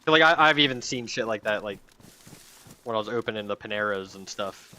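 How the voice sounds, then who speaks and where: A young man chats loosely while gaming, leaning on fillers and dropping swear words as he goes. His voice has a bright, forward edge. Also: fairly low pitch, expressive, fairly quick. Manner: rambling, filler-heavy, swears freely. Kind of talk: casual chat while gaming.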